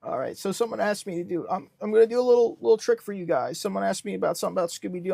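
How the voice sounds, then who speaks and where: Deadpan young male streamer, high voice, dry close sound. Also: very fast, gravelly, few pauses, no room sound. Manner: deadpan self-styled businessman persona. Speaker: livestream host. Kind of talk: casual livestream chat reading comments.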